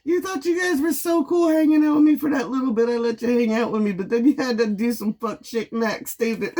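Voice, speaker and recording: Woman tarot reader, fired-up sarcastic rant, a touch higher in pitch than most. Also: a little fast, warm tone. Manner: blunt and sarcastic, mocking with bursts of laughter. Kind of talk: heated, profane venting monologue.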